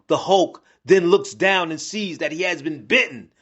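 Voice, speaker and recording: A man's voice: on the high side, moderate pace, a bit bright, lo-fi sound. A man narrating a comic story in a dramatic storytelling manner, acting out each character.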